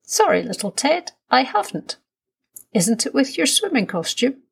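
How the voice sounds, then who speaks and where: A woman voicing a kind, helpful mother in a storybook reading, gentle in manner. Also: high voice, sing-song, unhurried, gravelly, breathy edge, pitched above the performer's own voice, heavily acted.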